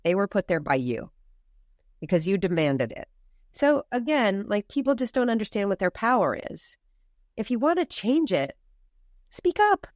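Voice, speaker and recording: A woman from the United States speaking as a podcast guest, animated and emphatic, with many rhetorical questions. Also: medium pitch, normal speed, no echo, clean studio sound. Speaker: farm movement founder, guest. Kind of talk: podcast interview.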